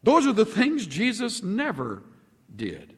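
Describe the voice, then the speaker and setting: A man preaching a sermon to a congregation, animated, stretching out key words for emphasis. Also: slightly rough, big-room sound. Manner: animated, sweeping pitch swings with slow drawn-out emphasis. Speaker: pastor.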